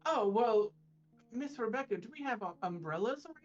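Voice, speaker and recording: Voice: medium pitch, lively intonation, a little fast, muffled recording, faint music behind, voice pushed up, natural voice. A player voicing Octavio, a pompous young noble who gushes in an overly formal way. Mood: excited.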